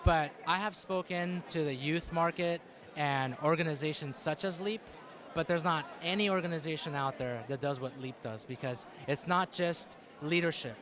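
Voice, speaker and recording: A man with a fairly high voice talks in a lively way and acts out his students' voices. A crowd is clearly audible behind him. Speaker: mentor, youth program speaker. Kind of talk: interview answer.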